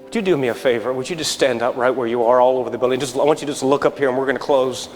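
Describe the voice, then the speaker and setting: A man in his thirties preaching a sermon, telling a story with acted-out dialogue and lively shifts between excited and hushed delivery. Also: mid-range voice, very fast. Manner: animated storyteller, acting out dialogue, dropping to a hushed close. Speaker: pastor. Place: church sanctuary. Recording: reverberant church live stream with faint music.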